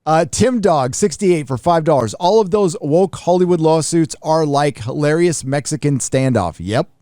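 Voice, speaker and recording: A man's voice: a little high, animated, normal speed, dark tone, dry recording, clean studio sound. A man hosting a live stream, reading out viewers' donation messages and giving short offhand replies in casual chat. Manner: reads superchats aloud then comments offhand.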